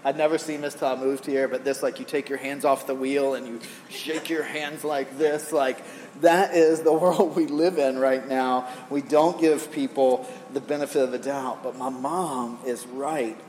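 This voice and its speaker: A middle-aged male pastor preaches in a loose, animated way, spinning personal stories and tossing questions to the room. His stage mic carries a long reverb tail from a large hall. A faint hum of background noise sits underneath. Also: medium pitch, normal speed. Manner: animated, storytelling, rhetorical questions to the crowd. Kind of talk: conversational sermon.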